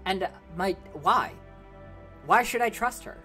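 A young woman streaming a game live, animated and laughing as she banters with her chat and an AI companion. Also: medium pitch, slow pace, soft background music.

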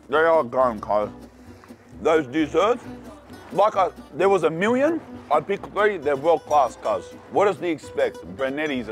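An Australian man reviewing food in a casual vlog, talking in an excitable, slangy way. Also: medium pitch. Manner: slangy and excitable, calls the viewer "cuz". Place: cafes and city streets.

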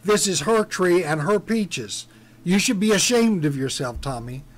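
A man voicing a small-town deputy who speaks in a calm, measured, firm way. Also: high-pitched.

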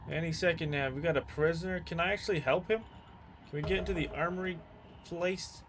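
A man streaming a horror game, jumpy and excitable, swearing and shouting at the game. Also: fairly high pitch, a little fast, a little hiss or hum. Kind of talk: gameplay commentary.

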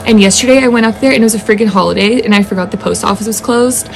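A young woman with a Southern US accent, talking in a casual home vlog. She gushes and gets excitable, with lots of fillers. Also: mid-range voice, creaky. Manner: gushing and excitable, fast filler-heavy talk. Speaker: vlogger. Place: home indoors. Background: lawn equipment outside.

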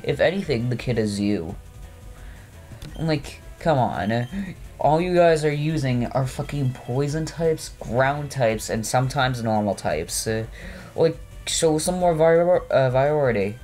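A man's voice: medium pitch, lively intonation, a little slow, a little mellow, faint music behind. A man giving casual commentary over a video game, rambling and poking fun at himself, with lots of "uh" and "like". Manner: rambling, self-mocking, full of fillers. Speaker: let's play host. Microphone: no webcam, voice recorded over gameplay.

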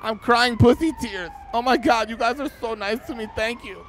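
Man playing a taco-truck woman, high raised voice, vulgar, gushing, rapid-fire patter in voice-chat role-play. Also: fairly bright tone, slight background noise. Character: loud, crude, flirty woman who runs a taco truck.

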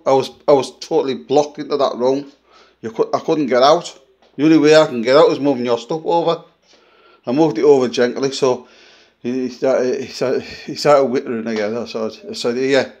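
Rambling man filming his flat. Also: mid-range voice, moderate pace, pauses often. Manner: rambling storyteller, many restarts. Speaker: vlogger. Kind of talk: casual vlog chat. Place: his own flat, indoors.

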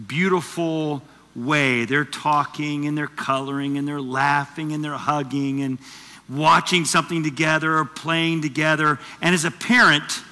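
A man preaching a sermon as teaching pastor, animated and conversational, with asides to the congregation. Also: fairly high pitch, long reverb tail. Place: church auditorium.

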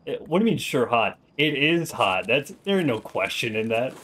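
A man's voice: mid-range voice, sing-song, normal speed, fairly bright tone, a little hiss or hum. A young man with a slight Minnesotan accent rambles through casual, profane banter. He is a streamer and former Marine talking with a friend while gaming, in a loose, joking way. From Minnesota, USA.

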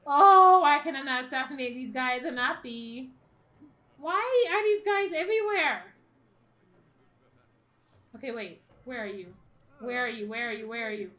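A woman's voice: sits high, normal speed, pauses often, a bit bright. A woman doing let's-play commentary, who swears and laughs as she talks to the game. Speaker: gaming YouTuber.

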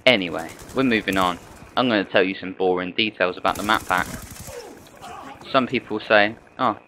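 A young man talks over his gameplay in a rambling, chatty way, firing off one rhetorical question after another. His voice sits fairly low but comes across bright and forceful. Faint gunfire from the game runs underneath. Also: moderate pace, slight background noise, low-quality recording. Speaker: gaming channel host. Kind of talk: gameplay commentary.

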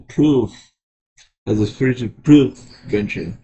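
A man presenting his alarm sirens in a casual show-and-tell vlog, often halting and restarting his sentences. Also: medium pitch, very animated, slight background noise. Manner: halting, frequent restarts and repeated words. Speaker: vlogger showing alarm sirens.

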